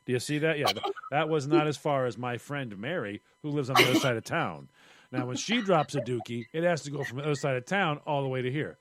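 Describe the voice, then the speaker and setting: A man's voice: mid-range voice, fairly quick, noisy background. A man co-hosting a casual comedy chat, telling stories with lots of acted-out quotes. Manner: animated storyteller acting out quoted voices. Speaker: podcast co-host.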